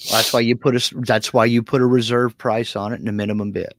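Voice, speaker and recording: A man's voice: mid-range voice, level tone, fast, dry recording. A man with a mid-range voice co-hosts a live stream. He talks in an easygoing, folksy way and reads viewer comments aloud. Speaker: co-host. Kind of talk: casual live-stream chat.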